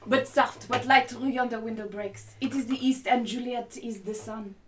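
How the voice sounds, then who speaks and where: A woman's voice: on the high side, fairly even intonation, moderate pace, slight background noise, close to an everyday voice. A woman playing young male lover Romeo in a put-on French accent, reciting verse theatrically. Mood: yearning. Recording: voice far from the mic.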